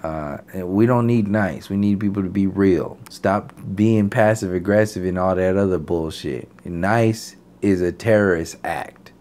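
A man with a somewhat low voice delivering unscripted commentary. He is blunt and heated and swears freely. His speech is loose, full of fillers and restarted phrases. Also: measured pace, few pauses, darkish tone, slight background noise. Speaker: channel host.

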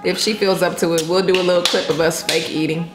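A woman's voice: fairly low pitch, flat delivery, fast talker. A woman vlogger in casual chat, laid-back and cussing freely. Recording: echoey room with music behind.

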